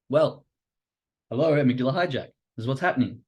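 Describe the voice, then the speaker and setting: A man's voice: medium pitch, brisk, a little mellow, husky. A man hosting a live stream on trading psychology. He talks casually and animatedly, swears now and then, and acts out inner voices. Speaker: host.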